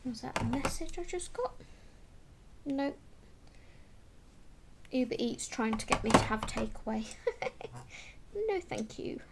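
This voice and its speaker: A woman hosting a casual colouring livestream, chatting with viewers and reading out their comments, with soft murmured asides to herself as she works. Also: on the high side, animated, a little slow, gravelly, pauses often, very noisy. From United Kingdom. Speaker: livestream host.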